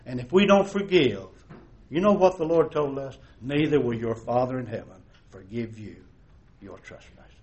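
A man preaching a sermon as pastor. He swings from loud emphasis to hushed tones and uses folksy storytelling and repeated rhetorical questions. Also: medium pitch, normal speed.

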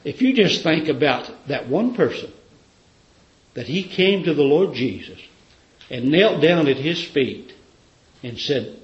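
A man's voice: on the high side, very animated, measured pace, pauses often, reverberant, muffled recording. A man preaching a sermon, telling a story fervently with many rhetorical questions.

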